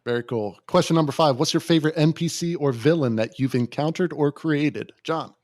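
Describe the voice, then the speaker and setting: Man hosting a podcast, brisk. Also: a little high, darkish tone. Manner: brisk question-reading, short affirmations. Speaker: podcast host. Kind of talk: casual chat.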